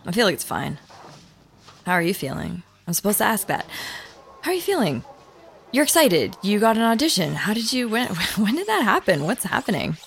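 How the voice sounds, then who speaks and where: An actress as a lively, rambling young rebel. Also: female voice, medium pitch, vocal fry. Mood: flat. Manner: rambling, profane, halting. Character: young woman, blunt rebel, often high.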